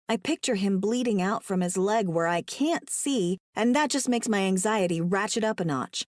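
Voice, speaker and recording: A woman's voice: lively intonation, normal speed, hardly any pauses, darkish tone, no echo, studio quality. A young woman narrating a first-person romance audiobook, emotive and dramatic. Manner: emotive, voices the heroine's panic in a higher pitch.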